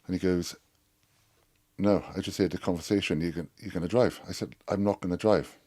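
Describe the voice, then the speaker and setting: A man's voice: sits low, fairly even intonation, fairly quick, mellow, no echo. Welsh man telling a profane anecdote. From Wales. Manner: rambling, profane, acts out others' lines. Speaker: former rugby player. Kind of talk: storytelling anecdote.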